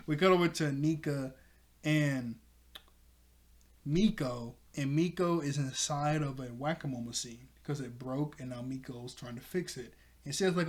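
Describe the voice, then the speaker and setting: A man with a fairly high, slightly mellow voice casually recaps a cartoon episode as a reviewer. He laughs often and acts out the characters' lines, quoting their voices.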